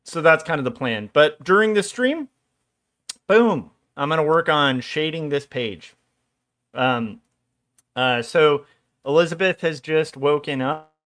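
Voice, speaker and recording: A man's voice: on the high side, lively intonation, measured pace, long pauses, fairly bright tone. Rambling, jokey man streaming his art. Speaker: illustrator streaming his drawing work. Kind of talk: casual livestream chat while drawing.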